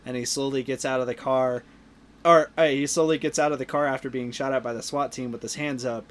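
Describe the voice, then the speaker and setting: A man's voice: mid-range voice, fairly even intonation, a little fast. A young man co-hosting a casual movie podcast, retelling scenes at length with lots of "like". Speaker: podcast co-host. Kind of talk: casual movie review chat.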